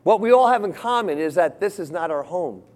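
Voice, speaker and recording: A man preaching a sermon, earnest, moving between hushed lines and emphatic ones. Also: sits high, expressive, a little fast.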